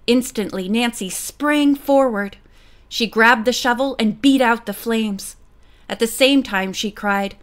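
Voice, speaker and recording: A woman narrating a mystery audiobook with a lively, expressive reading. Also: a little high, slow.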